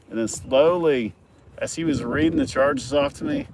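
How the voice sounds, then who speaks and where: Outdoors at a work site, a middle-aged man who works on a farm casually spins a long, rambling, profane yarn, chuckling along the way. His voice is medium-pitched at a normal speed, with traffic, vehicles and outdoor sounds in the background.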